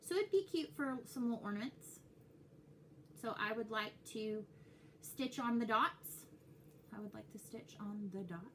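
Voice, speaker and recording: A young woman with a Texas accent, chatting casually and excitedly to her viewers as a cross-stitch vlogger. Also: a little high, measured pace, pauses often, slight background noise. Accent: Texan. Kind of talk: casual chat to camera.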